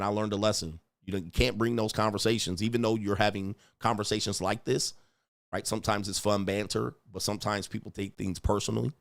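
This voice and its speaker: A man with a low, dry, close-miked voice rants and tells stories for a stream. He swears freely, laughs often and puts on quick voices for the people he quotes. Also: dry recording. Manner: checks in with "all right?" and "right?". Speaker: streamer and fitness coach. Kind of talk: casual opinion rant and storytelling.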